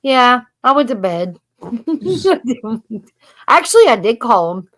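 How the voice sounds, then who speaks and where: A woman with a high voice hosts a relaxed live stream from home. She talks at an unhurried pace and keeps breaking into laughter as she retells a story. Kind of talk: casual chat. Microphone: streaming setup.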